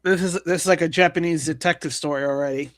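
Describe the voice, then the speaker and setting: Man, high bright voice, casual news-roast host, halting delivery with restarts, dry close sound. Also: steady tone, no echo. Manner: halting, frequent restarts and chuckles. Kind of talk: casual comedic news commentary.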